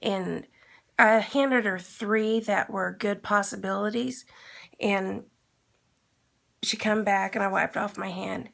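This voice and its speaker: A woman's voice: medium pitch, fairly even intonation, slow, creaky, long pauses, fairly bright tone. A woman vlogger telling a long story in a casual, rambling way and acting out the dialogue. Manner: rambling, retells with quoted dialogue.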